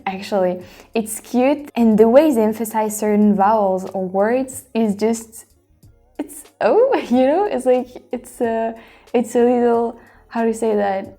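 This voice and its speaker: A woman's voice: mid-range voice, dark tone. A woman from France with a French accent, a native French speaker chatting casually in English as a reaction-video host, rambling with lots of fillers and restarts. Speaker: YouTube host.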